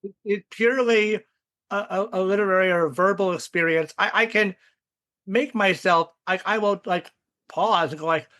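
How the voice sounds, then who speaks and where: Man guest, higher-pitched, thinks aloud, stumbles over repeats. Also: bright, forceful tone. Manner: halting, repeats words as he thinks. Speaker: podcast guest. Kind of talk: casual book-club chat.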